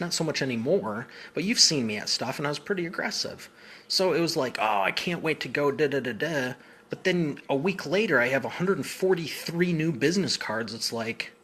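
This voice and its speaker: A man's voice: mid-range voice, a bit bright, slight background noise. A man working as a business coach, answering viewer comments in a casual, upbeat live Q&A with informal slang.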